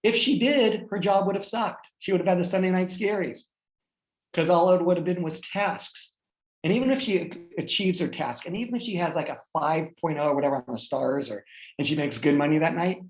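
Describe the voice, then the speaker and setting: A man in his forties, a guest speaker, telling a personal story in an animated way with many fillers and restarts. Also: fairly high pitch, normal speed, reverberant, poor audio. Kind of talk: personal storytelling in a group talk.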